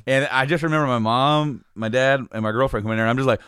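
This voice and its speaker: A man's voice: mid-range voice, steady tone, fairly quick, long pauses, a bit bright, clean tone, no room sound, studio quality. A man telling a long personal story in casual chat, rambling and restarting sentences, laughing often. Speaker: podcast guest telling a story.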